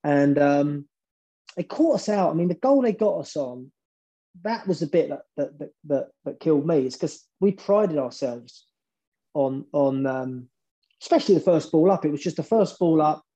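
A man, a former football manager, telling stories in an interview, animated and often repeating words as he builds up a point. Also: fairly high pitch, normal speed, muffled recording. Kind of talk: storytelling interview.

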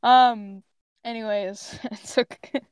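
A woman co-hosting a podcast, narrating a shared story and slipping into quick character voices, often laughing. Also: a little high, fairly even intonation, clean tone, dry recording, clean studio sound. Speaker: co-host, storyteller.

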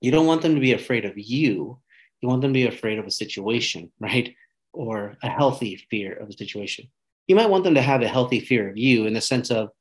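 A man's voice: mid-range voice, brisk, rough recording. A man hosting a podcast, giving earnest parenting advice in a casual monologue and often checking in with "right?".

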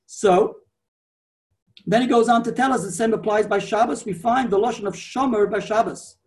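A man's voice: high-pitched, moderate pace, recorded from a distance. A man teaching a Torah class in an explanatory, digressive way, often repeating himself.

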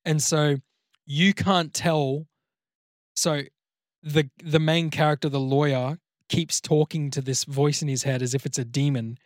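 A man in casual podcast chat, animated and swearing freely, describing a story idea. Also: a little high, unhurried, no echo, studio quality. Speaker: podcast co-host.

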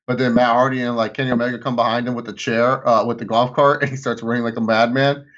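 A man co-hosting a casual wrestling podcast, rambling excitedly through recaps and laughing often. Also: mid-range voice, quick pace, lo-fi sound. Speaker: podcast co-host.

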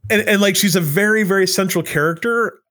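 A man's voice: high voice, brisk, bright, forceful tone. A man co-hosting a casual chat, rambling with many restarts and fillers. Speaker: podcast co-host.

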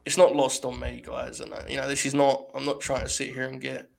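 A man hosting a casual wrestling review podcast, animated and profane, laughing often as he talks. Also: mid-range voice, brisk, creaky. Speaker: podcast host.

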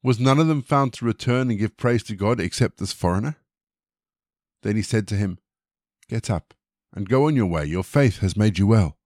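Low-voiced man reading scripture aloud. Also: lively intonation, darkish tone, no echo, studio quality. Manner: measured, deliberate reading. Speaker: church scripture reader. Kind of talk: prayer and Bible reading.

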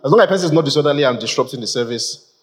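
A man's voice: medium pitch, expressive, rapid-fire, slightly rough. A man leading a church Bible-study discussion as pastor, often repeating short phrases to keep order.

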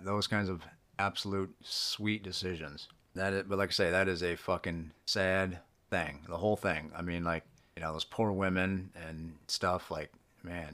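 A man with a deep, low-pitched voice hosts his own show. He rants in a heated, profanity-heavy way, and his talk is blunt and unfiltered. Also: a bit bright. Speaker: podcast host. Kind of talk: solo podcast rant.

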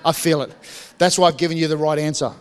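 In a church with a long, echoing reverb, a pastor talks fast in a fairly high, clean-toned voice with fairly even intonation. His sermon is conversational, full of congregation asides and frequent restarts.

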